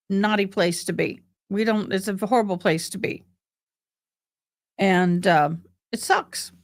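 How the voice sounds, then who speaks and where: A middle-aged woman hosts a livestream, chatting casually with her live viewers and calling them "honey" and "boo." Her voice is mid-range, and the sound is clean studio audio with no echo.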